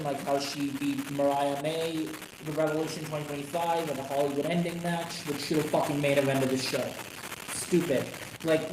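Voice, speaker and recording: A man ranting on a casual live stream about wrestling, swearing constantly and rambling with sudden excited outbursts. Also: a little high. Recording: echoey room with noisy background.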